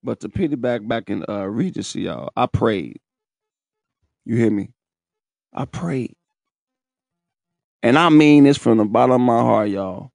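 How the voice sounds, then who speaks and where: A man telling his own story in casual, profane, animated talk, laughing and breaking into high shouts. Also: unhurried, gravelly, long pauses, no room sound, studio quality.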